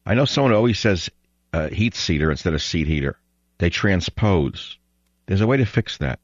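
Man, talk radio host, ranting, sarcastic, lively pitch, dry studio, muffled lo-fi. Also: normal speed, no echo.

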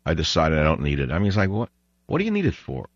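A man's voice: extremely low pitch, huge pitch swings, fast talker, no echo. Ranting man hosting call-in radio. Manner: ranting, scornful, blunt. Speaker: radio talk show host. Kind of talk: call-in talk radio monologue. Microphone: studio broadcast microphone. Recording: dull, dry radio broadcast audio.

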